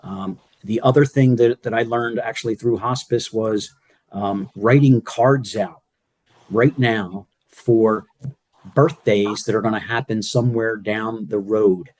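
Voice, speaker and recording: Older man with a low mellow voice. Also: steady tone, measured pace, dry recording. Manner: rambling, lots of fillers and restarts. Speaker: panelist, former care partner. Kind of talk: panel discussion.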